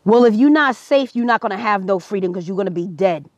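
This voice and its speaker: A woman of average pitch talks straight to her viewers in an earnest, preaching way. Her voice swells to emphatic peaks as she presses each point. The sound is dry and close, with no room echo. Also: lively intonation, fast talker, darkish tone. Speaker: vlogger. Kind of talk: impassioned personal commentary.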